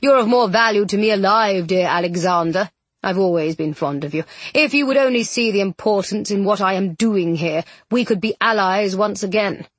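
A woman's voice: medium pitch, normal speed, no room sound, lightly acted. A woman voicing an older aristocratic male villain, smug and condescending, speaking in a silky manner. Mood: menacing.

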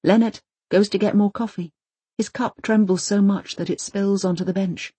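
A woman narrating an audiobook in a measured, gentle storytelling manner. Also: medium pitch, fairly even intonation, slightly rough, dry recording.

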